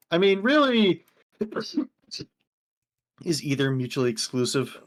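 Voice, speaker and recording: Very low, scraggly-voiced woman. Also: very animated, takes it slowly. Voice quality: scraggly, rough voice that sounds sick. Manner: laid-back, chuckling. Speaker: guest streamer. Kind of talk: casual stream chat.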